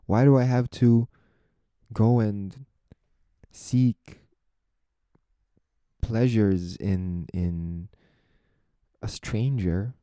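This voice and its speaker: A man's voice: fairly low pitch, steady tone, extremely slow, pauses often, warm tone, no room sound. A young man hosting his own podcast, talking through his thoughts in an earnest, reflective monologue full of rhetorical questions and restarted phrases. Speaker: podcast host.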